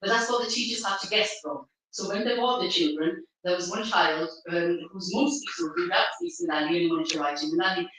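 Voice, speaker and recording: A woman hosting a live community event, speaking to an audience at a venue through a stand microphone, pausing often with fillers and restarts. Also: fairly low pitch, big pitch swings, a bit bright, a little hiss or hum. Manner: halting, with many fillers and restarts. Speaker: event organizer and host. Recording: very echoey hall, mic far off.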